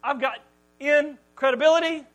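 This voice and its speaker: Insecure, whiny Moses, as a preacher puts him on, high and strained. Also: male voice, quick pace, a bit bright. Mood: despairing. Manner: whiny, pleading, stammering. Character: Moses, anxious insecure man who stutters.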